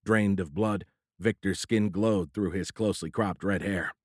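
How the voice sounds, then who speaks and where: A man narrating an audiobook thriller in a steady, measured storytelling voice. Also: sits low, no echo, studio quality. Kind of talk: scripted narration.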